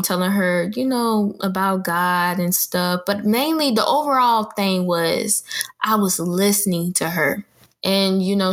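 Earnest woman telling a story. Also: medium pitch. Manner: earnest, conversational, repeats phrases, addresses listeners as y'all. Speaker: podcast host. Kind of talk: casual storytelling monologue.

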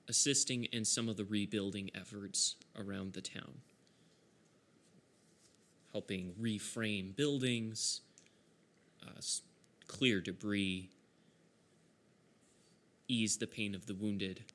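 A man's voice: on the low side, slow, long pauses, a bit bright. A man narrating as game master of a tabletop game, easygoing, with frequent chuckles and fillers.

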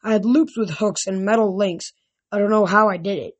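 A woman reading a novel aloud, often tripping over words and restarting, with louder shouted lines. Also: medium pitch, fairly quick. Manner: reads aloud with frequent slips and restarts. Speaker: reader. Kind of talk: amateur audiobook reading.

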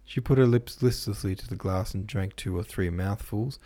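Low, husky male audiobook narrator. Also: normal speed, dark tone. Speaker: audiobook narrator and podcast host. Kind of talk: scripted literary narration.

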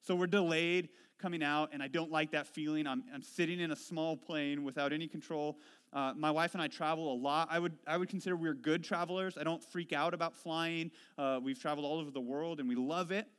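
A pastor from Washington State with a slightly high voice preaches to his congregation, speaking a little fast and smoothly. He shares self-deprecating, conversational stories about himself. His reflective points come low and soft, but he turns animated when recounting his frustrations.

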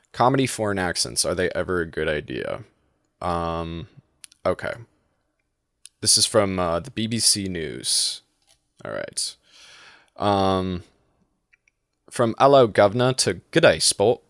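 A man's voice: low-pitched, vocal fry, bright, forceful tone, no echo, clean studio sound. A man chatting casually as a podcast host, rambling with lots of restarts and laughs. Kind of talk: casual chat.

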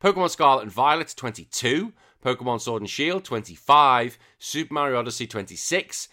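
Bright-voiced, excitable, swearing podcast host. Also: male voice, medium pitch, a little fast. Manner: excitable, swears freely, trails off quietly. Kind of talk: casual gaming news chat.

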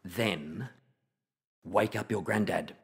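A man reading a children's picture book aloud in an expressive, playful storytelling manner. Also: deep voice, slow pace, vocal fry. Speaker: storybook reader.

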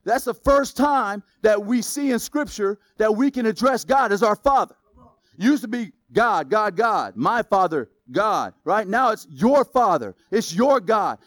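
A man preaching a sermon as pastor, in a casual, conversational way that builds up to loud exclamations. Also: sits high, animated, unhurried, no room sound.

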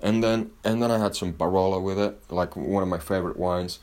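A man's voice: low voice, fairly even intonation, brisk, hardly any pauses, a little mellow. A man telling a rambling story in a casual monologue, swearing constantly and restarting his sentences. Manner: rambling and heavily profane, with frequent restarts.

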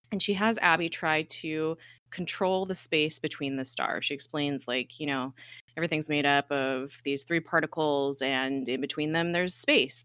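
A woman's voice: deep voice, fairly bright tone, smooth, dry recording. A young woman hosting a podcast, casually recapping a TV episode in a chatty way, with lots of "like" and "um" and the odd swear word. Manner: chatty, fillers like "like" and "um", swears freely.

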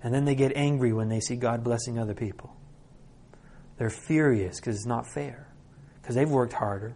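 A man's voice: mid-range voice, normal speed, dark tone, slight background noise. A man in his thirties preaching a sermon, telling the story with rhetorical questions. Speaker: pastor.

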